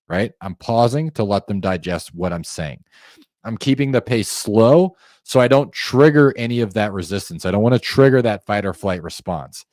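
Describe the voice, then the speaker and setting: A man with a fairly low voice walks viewers through a sales call script in a conversational coaching manner. He shifts into short acted phone lines to demonstrate each tone. The sound is dry, with no room echo. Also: expressive, normal speed, a little mellow. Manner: coaching, demonstrates phone tones by acting out calls; conversational, addresses viewers directly. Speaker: sales trainer. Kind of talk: instructional screen-share walkthrough.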